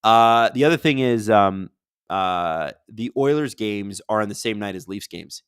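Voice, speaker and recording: A man's voice: lowish voice, a little slow, smooth, dry recording, studio quality. A man hosting a live hockey watch-along, chatting casually and reading viewer questions aloud. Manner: energetic, rambling, reads chat questions aloud. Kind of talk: casual live-stream chat and game commentary.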